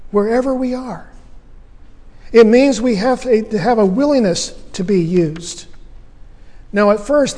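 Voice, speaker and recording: A man's voice: sits high, mellow, in a large hall. A man preaching a sermon as pastor, earnest and emphatic, asking rhetorical questions.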